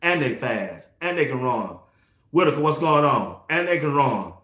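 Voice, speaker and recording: A man hosting a casual sports talk show, animated and slangy, laughing often as he talks. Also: medium pitch, normal speed, roomy sound.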